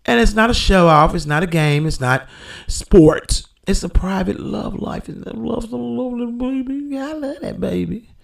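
A man's voice: high voice, normal speed, creaky. A man hosting a podcast, rambling through a casual monologue with lots of profanity. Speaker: podcast host.

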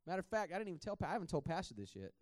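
A man's voice: high voice, very animated, rapid-fire, darkish tone, no room sound, studio quality. A man preaching a sermon in a conversational way, often repeating words and laughing at himself.

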